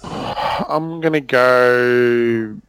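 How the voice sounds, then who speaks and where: A man's voice: mid-range voice, very slow, a bit bright, smooth. A man, an easygoing contestant who hesitates over his guesses. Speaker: quiz contestant. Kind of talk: casual chat.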